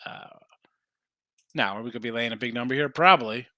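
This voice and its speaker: Bright and forceful, a mid-range male voice moves briskly as the host of a sports betting show loosely goes over picks and fields viewer comments from chat. It's clean studio audio without any room sound.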